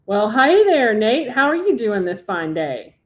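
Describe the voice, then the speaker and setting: A woman's voice: a little high, big pitch swings, unhurried, voice pushed up. A meddling young sister who loves to stir things up, as a woman reads her lines. Her delivery is light, playful and teasing.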